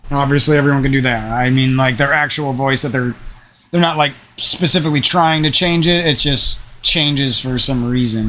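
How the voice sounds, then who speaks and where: A man's voice: mid-range voice, a bit bright, a little hiss or hum. A young man chatting in a casual, meandering way, swearing often and drifting into rants, with a slightly nasal voice. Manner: meandering, profane, ranting. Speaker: gaming channel host. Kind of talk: casual rambling chat.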